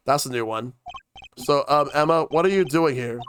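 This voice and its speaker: A man's voice: on the high side, lively intonation, brisk, a bit bright, a little hiss or hum. Man reading a visual novel aloud. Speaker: streamer reading a game aloud. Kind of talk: reading game dialogue aloud.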